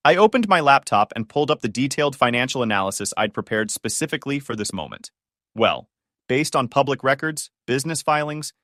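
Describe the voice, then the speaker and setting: A man narrating a story in a steady, scripted storytelling manner. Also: medium pitch, no room sound, studio quality.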